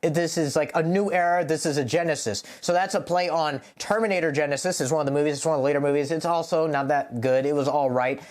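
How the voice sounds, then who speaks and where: A man's voice: on the high side, fast, hardly any pauses, a little mellow. A man talking casually as a rapper, explaining the meaning of his own lyrics in a rambling, profane way, full of "like.". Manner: rambling, profane, heavy use of "like". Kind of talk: casual lyric breakdown to camera.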